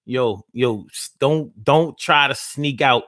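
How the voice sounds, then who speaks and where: A man's voice: mid-range voice, slow, fairly bright tone, no room sound, studio quality. A man hosting a live show, ranting casually in loose slang with lots of profanity and teasing his listeners directly. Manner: teasing, talks straight to listeners. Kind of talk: casual live-stream talk.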